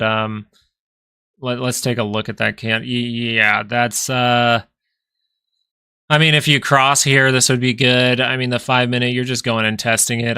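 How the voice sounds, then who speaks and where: A man with a gravelly, bright edge to his voice hosts a casual trading live stream. He jokes around playfully between chart talk and viewer questions. The sound is dry and close. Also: medium pitch, no room sound. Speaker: stock market livestream host.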